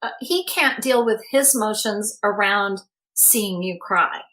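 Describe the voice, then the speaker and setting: Bright, emphatic woman coach. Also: mid-range voice, measured pace. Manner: earnest, advocating, emphatic. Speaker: guest, emotional coach. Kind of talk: podcast conversation.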